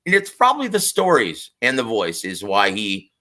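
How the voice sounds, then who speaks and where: Animated, bright-voiced man with a slight lisp. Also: lowish voice, moderate pace. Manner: effusive, animated, calls people brother. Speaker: ring announcer and commentator, co-host. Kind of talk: casual live-stream chat.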